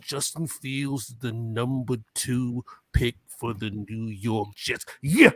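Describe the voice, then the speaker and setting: A man putting on a brash male pro-wrestler promo persona, growling hype lines and shouting "brother" on a podcast live stream. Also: mid-range voice, takes it slowly, dry recording, pitched below the performer's own voice. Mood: hyped. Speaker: podcast co-host.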